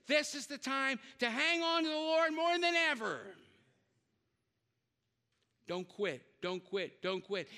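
A middle-aged man preaching a sermon in a church, animated, shouting repeated exhortations to the congregation and tossing in joking asides. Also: very high voice. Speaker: guest preacher. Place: large church sanctuary. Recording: long reverb in a large hall.

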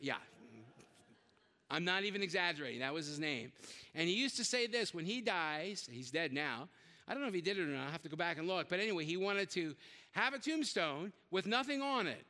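High-voiced, bright male preacher in a reverberant hall. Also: fairly quick. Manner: animated, exhorting the crowd with repeated shouted lines and joking asides. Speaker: guest preacher. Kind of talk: sermon. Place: large church sanctuary. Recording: long reverb in a large hall.

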